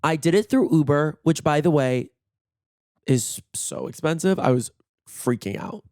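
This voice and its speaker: A man with a hoarse, worn-out voice tells stories in a chatty, gossipy way. He swears often and acts out what everyone said. The sound is dry and close, with almost no room echo. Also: fairly high pitch, animated, unhurried, a little mellow. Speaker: podcast host. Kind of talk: casual solo storytelling. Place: in bed at home.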